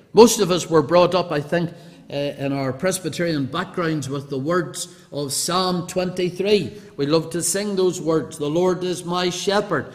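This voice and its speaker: Male preacher, high voice, earnest and emphatic, recorded with long church reverb. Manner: earnest, emphatic, slowing on scripture quotes. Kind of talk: sermon.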